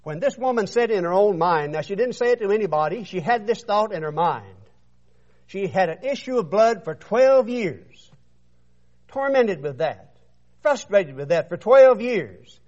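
A man's voice: sits high, animated, measured pace, a little mellow. A man preaching a sermon, retelling scripture in an emphatic storytelling manner and often repeating words. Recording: dull muffled recording.

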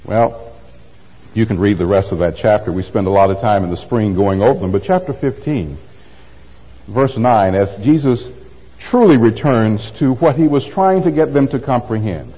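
A man's voice: on the low side, animated, moderate pace, mellow, slightly rough. An older man giving a conversational sermon, posing rhetorical questions and adding wry asides. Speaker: pastor. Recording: dull lo-fi sound in a reverberant hall.

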